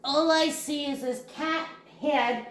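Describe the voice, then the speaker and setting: A woman hosting a crochet channel, telling a story to camera in a casual, animated and jumpy way, laughing at herself. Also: sits high, slow pace, a little hiss or hum. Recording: echoey room.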